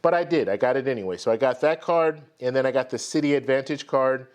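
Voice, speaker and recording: A man's voice: mid-range voice, fast, a little mellow. Chatty man hosting a live stream. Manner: friendly, greets viewers by name one after another; rambling, restarts sentences often. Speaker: host of a live stream credit card show. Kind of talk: casual live stream chat.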